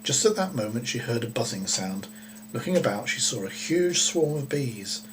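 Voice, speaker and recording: A man reading a children's story aloud in a gentle, unhurried way, with occasional small slips. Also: medium pitch, big pitch swings, slight background noise, poor audio.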